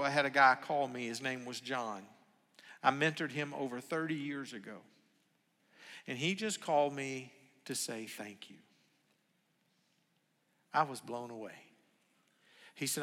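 An older male pastor delivers a sermon in an earnest way, his bright, fairly high voice sinking to near-whispers before climbing to emphatic peaks. A long reverb trails every phrase, like a large sanctuary. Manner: earnest, swings from hushed to emphatic. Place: church sanctuary.

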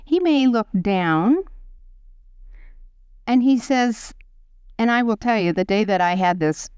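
An older woman teaching a Bible study, telling personal stories in an earnest way with soft chuckles. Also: on the high side, lively intonation, takes it slowly, smooth, no echo.

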